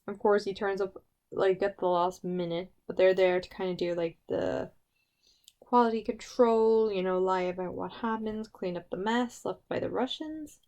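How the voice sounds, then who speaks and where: A woman chatting through her review of a TV season with open feeling, her voice at an ordinary middle pitch. She gushes and frets aloud, with "like" filling almost every pause. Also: a little mellow. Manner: gushing and emotional, heavy use of "like" fillers. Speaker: TV series reviewer. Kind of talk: casual spoken review.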